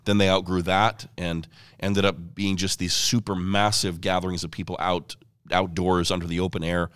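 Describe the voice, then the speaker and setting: This evangelist guest has a low, smooth voice, captured as clean studio sound with no echo in a ministry headquarters office. During the interview he tells a story earnestly and fluently, quoting others along the way.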